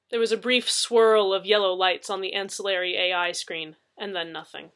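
A woman reads her own novel draft aloud in the first person. She voices her narrator's lines in a wry, casual way. Her voice is bright and crisp, at a middle pitch. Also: steady tone, fairly quick, few pauses. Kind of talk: first-person story reading.

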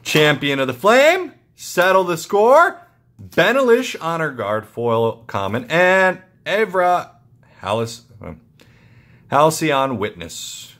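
A young man excitedly opening trading card packs for his channel, muttering card names with sudden yelps of delight. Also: takes it slowly. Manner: excitable, muttering asides, jumpy pitch. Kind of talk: casual pack-opening commentary.

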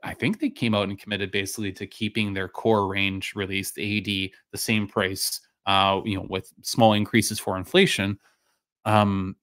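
Male stream host, lowish pitch, slightly hoarse, loose chatty delivery, dry close sound. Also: normal speed, no room sound. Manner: relaxed, rambling, many fillers and restarts. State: voice going a bit hoarse. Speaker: live-stream whisky reviewer, host. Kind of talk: casual live-stream chat, answering viewer comments.

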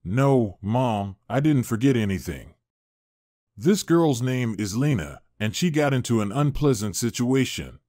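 A man's voice: mid-range voice, expressive, measured pace, warm tone, dry recording, clean studio sound, natural voice. A man voicing a polite, concerned young man who is helping a lost girl, in an earnest, courteous tone.

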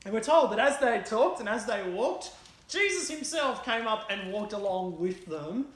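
A woman's voice: fairly high pitch, animated, moderate pace, reverberant. Chatty woman preaching in a church. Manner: chatty, conversational retelling with fillers. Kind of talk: sermon.

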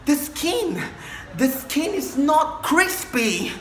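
A prim Western lady neighbor, played by a woman in a comedy sketch, gushing and over-polite. She talks slowly in a soft, breathy voice that sits fairly high for a woman. The sound carries a noticeable room echo. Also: sing-song, very noisy, heavily acted. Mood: appalled. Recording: roomy, echoey room.

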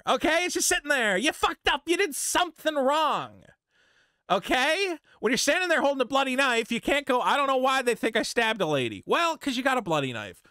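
A man's voice: very high-pitched, sharp tone, no room sound, clean studio sound. A man ranting in a commentary video, heated and profane, mocking and lecturing the viewer. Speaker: commentary YouTuber.

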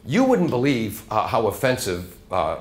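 A man's voice: medium pitch, wildly swooping pitch, normal speed. A middle-aged man, a radio host guest-lecturing a college class in a chatty, storytelling way. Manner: chatty storyteller, slips into character voices.

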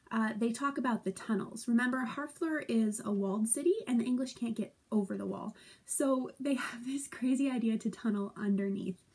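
A woman's voice: on the high side, darkish tone, breathy edge. A woman teacher casually summarizing a play for her students, chatty and playful, with lots of fillers. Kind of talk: casual classroom summary video.

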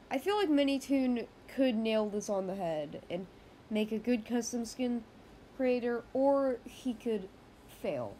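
A woman's voice: a little high, darkish tone, a little hiss or hum. A woman hosting a casual gaming news roundup, chatty and rambling, often correcting herself mid-sentence.

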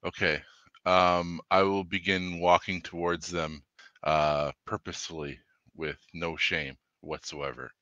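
Deep, hesitant man playing a tabletop game. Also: flat delivery, measured pace, sharp tone, dry recording, highs cut off. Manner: rambling, hesitant, self-deprecating. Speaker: player. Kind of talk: casual tabletop game play.

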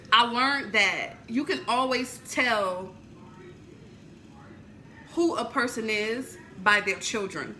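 A vlogger in her thirties chats casually in her home kitchen during a cooking vlog, laughing and swearing freely. Her high, bright voice has a forceful tone, though the audio is poor, with a slight hiss or hum.

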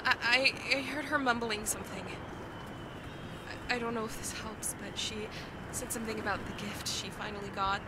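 A woman's voice: a little high, steady tone, moderate pace, very noisy, close to an everyday voice. A woman voicing a frightened young woman neighbor in a game, speaking with anxious urgency. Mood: urgent. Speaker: game character. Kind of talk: scripted game dialogue.

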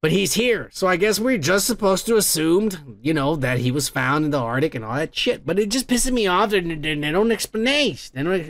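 High-voiced swearing podcast host. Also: male voice, fairly bright tone, dry recording. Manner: rambling, swears constantly, restarts often. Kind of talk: casual profane recap.

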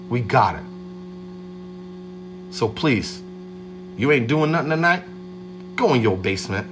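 A man hosting a livestream, giving a streetwise motivational pep talk and shouting out viewers by name. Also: high voice. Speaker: livestream host.

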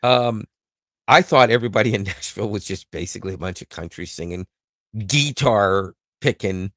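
A man's voice: lowish voice, fast talker, fairly bright tone, no room sound, studio quality. A Canadian man co-hosting a podcast, chatting casually and joking, with laughs and restarts. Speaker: podcast co-host. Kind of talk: casual chat.

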